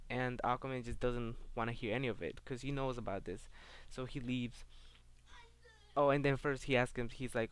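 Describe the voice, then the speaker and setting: A man's voice: medium pitch, fairly even intonation, normal speed, smooth. A man giving a casual comic book review on his channel, rambling and filling gaps with "um" and "like". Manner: rambling, heavy on fillers like "um" and "like".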